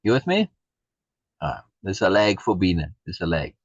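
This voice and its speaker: Emphatic husky man on a video call. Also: deep voice, very animated, moderate pace, no echo. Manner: emphatic, repeats key phrases. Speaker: program leader reading and commenting. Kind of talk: reading aloud with reflective commentary. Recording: dull lo-fi video call audio.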